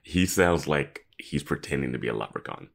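A man's voice: a bass voice, animated, normal speed, gravelly. A man co-hosting a podcast, chatting casually and dropping dry, sarcastic quips. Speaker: podcast co-host. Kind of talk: casual chat.

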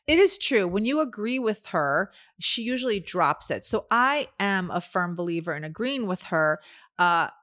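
Speaking at a moderate pace in a mid-range voice, a middle-aged woman who co-hosts a podcast tells stories in casual chat. She's an animated storyteller who acts out quoted dialogue.

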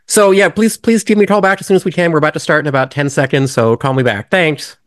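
A man's voice: fairly high pitch, fast talker, dry recording, clean studio sound. A man co-hosting a casual podcast, speaking hesitantly with many restarts and fillers. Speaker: podcast co-host.

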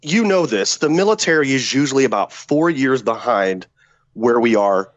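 A man, a former Special Forces soldier, telling a story as a podcast guest in a profane, animated way, acting out the dialogue. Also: medium pitch, normal speed, lo-fi sound. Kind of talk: casual war-story telling.

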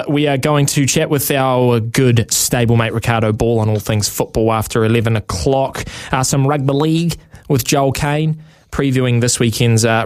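A man's voice: mid-range voice, smooth. A man hosting a sports radio show, talking casually with frequent ums. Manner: chatty, many ums and uhs. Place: radio studio.

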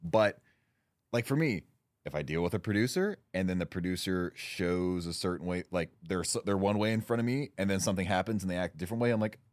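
A man's voice: low voice, fast, no room sound, clean studio sound. A young man co-hosting a podcast, talking in casual chat with a blunt, emphatic manner and frequent swearing. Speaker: podcast co-host.

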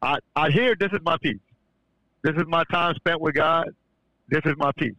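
A man's voice: a little high, moderate pace, pushed and bright, no echo, low-quality recording. A man sharing a religious testimony in casual talk. He stumbles and restarts often, then builds to fervent emphasis. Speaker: podcast guest sharing testimony. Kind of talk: casual church-style testimony.

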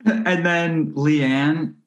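A man's voice: a little high, fairly even intonation, very slow, dull audio. A man chatting as a guest on a casual podcast, joking and laughing often. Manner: playful, laughs often, mimics accents. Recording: roomy echo.

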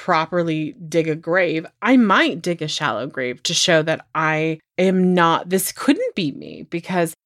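A woman's voice: low voice, unhurried, hardly any pauses, dry recording, clean studio sound. A woman co-hosting a podcast, chatting casually about a true-crime case, swearing freely and acting out mocking quotes. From grew up on a farm. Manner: swearing, animated retelling with mocking quoted voices. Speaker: podcast co-host.

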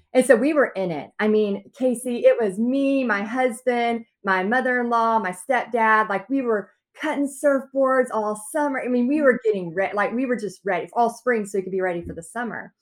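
A woman's voice: a little high, normal speed. A woman guest telling her own story in a podcast interview, acting out quotes with big swings in her voice.

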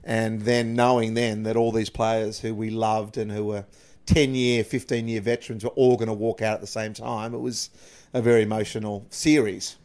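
A middle-aged Australian man chatting about cricket as a guest, an animated storyteller who jumps up into excited bursts. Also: fairly low pitch, normal speed. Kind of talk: casual cricket chat.

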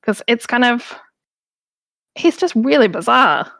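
A woman's voice: a little high, lively intonation, measured pace, gravelly, a bit bright, no echo. A woman casually recapping a film on a podcast, rambling with lots of fillers. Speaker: podcast co-host.

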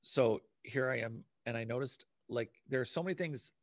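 A man talking in a rambling, animated casual chat and swearing now and then. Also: medium pitch, moderate pace, dry recording, clean studio sound.

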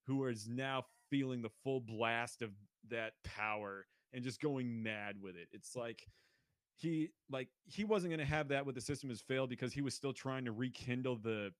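A man co-hosting a podcast, talking casually and animatedly, breaking into loud mocking impressions. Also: mid-range voice, moderate pace, clear, resonant tone, no room sound, studio quality. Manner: animated, mimics people in shouted bursts. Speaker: podcast co-host.

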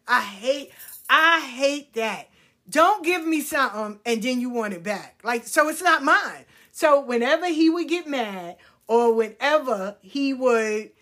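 A woman telling candid personal stories in a frank, profane, animated way, moving between hushed asides and loud outbursts. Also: a little high. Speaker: storyteller.

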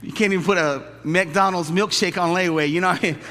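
Pastor guy preaching in a church, lively and joking, voice rings around the hall. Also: sits high, quick pace, noisy background. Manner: animated, jokey, acts out quoted voices. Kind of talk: sermon. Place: church sanctuary. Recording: long church hall reverb.

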